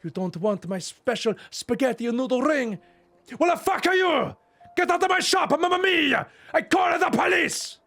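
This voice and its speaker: Guy doing a pushy italian-style game shopkeeper, hammy, high and swoopy. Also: expressive, moderate pace, a bit bright, heavily acted. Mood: furious. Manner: hammy, exaggerated put-on accent. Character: wheedling Italian-style male shopkeeper, pushy and hot-tempered.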